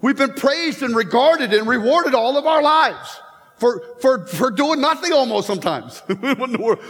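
Pastor in his fifties, very high voice, joking storyteller, church hall with long reverb. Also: lively intonation, moderate pace, fairly bright tone. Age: 50s. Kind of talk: sermon. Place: church sanctuary.

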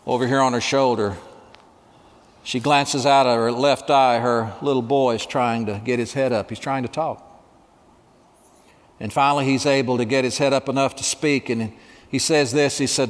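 A man preaching a sermon, telling a story with dramatic pauses and dropping to a hush at emotional moments. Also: medium pitch, fairly even intonation, in a large hall. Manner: dramatic, hushed at emotional moments, acts out dialogue.

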